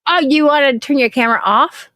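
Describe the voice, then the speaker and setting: A woman hosting a casual video-call chat, talking in a quick, chatty way with fillers. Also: high voice, pushed and bright, no room sound. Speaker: livestream host.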